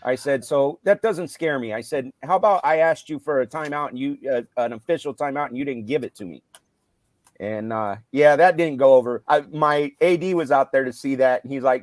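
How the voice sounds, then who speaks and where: Man, middle-aged, football coach, casual storytelling, animated, loud when quoting himself. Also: medium pitch, a little fast. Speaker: high school football coach. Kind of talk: casual storytelling on a live show.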